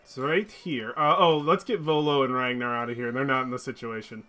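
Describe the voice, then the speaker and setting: A man's voice: medium pitch, fairly even intonation, fairly quick, pushed and bright, soft background music. A man running a tabletop game as dungeon master, chatty and upbeat, with many ums and restarts.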